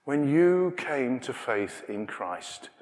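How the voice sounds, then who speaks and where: Man, English accent, sermon, animated storyteller, medium pitch, long echoing church reverb. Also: slow. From England. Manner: animated storytelling, acting out scenes in hushed asides. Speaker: preacher.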